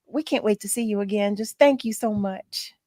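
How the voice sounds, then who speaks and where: A woman's voice: medium pitch, moderate pace, dark tone, dry recording, studio quality. A woman hosting a radio talk show, effusive and emotional, often laughing and repeating her thanks.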